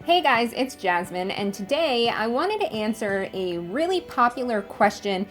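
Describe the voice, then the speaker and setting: A woman's voice: on the high side, big pitch swings, a little slow, over music. A woman hosting her own vlog, explaining cat care in a friendly, direct way straight to the camera. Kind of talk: casual talk to camera.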